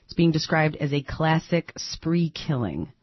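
A woman hosting a talk radio show, chatty and animated, thinking aloud with plenty of fillers. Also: deep voice, measured pace, no room sound. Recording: dull, dry broadcast audio.

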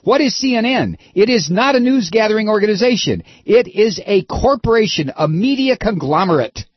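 A middle-aged talk radio host delivers a heated political monologue with frequent restarts. His somewhat high, lively voice has a husky edge. The audio is dry and dull, like lo-fi radio. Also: dry recording. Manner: impassioned, emphatic, many restarts.

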